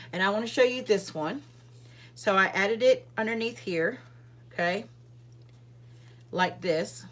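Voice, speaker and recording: A woman's voice: lowish voice, a bit bright. A woman hosting a live card-making demonstration, chatting casually with viewers and rambling with many fillers and asides. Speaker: card-making livestream host.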